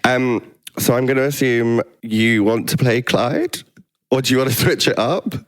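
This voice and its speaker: A man's voice: mid-range voice, normal speed. A man hosting a podcast, chatting casually and laughing often. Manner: chatty, laughs a lot, animated. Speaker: podcast host. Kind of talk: casual chat.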